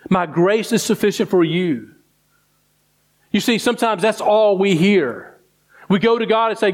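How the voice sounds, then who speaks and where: A man preaching a sermon who climbs high and quick for mock complaints, then sinks low and slow on scripture.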